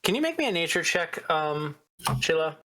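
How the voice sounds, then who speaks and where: A man's voice: fairly high pitch, sing-song, moderate pace, noisy background. A man running a tabletop game as game master, talking casually with restarts and fillers.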